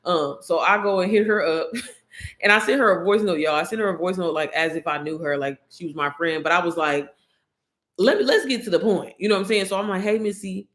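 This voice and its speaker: A woman's voice: lowish voice, fast talker, fairly bright tone. A woman YouTuber telling a story to her viewers, candid and slangy, swearing freely and calling them y'all.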